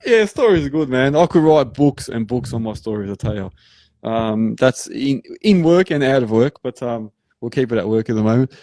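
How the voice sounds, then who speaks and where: An Australian man hosting a live show, rambling through animated work stories in casual chat. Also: medium pitch, moderate pace, no room sound. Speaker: host.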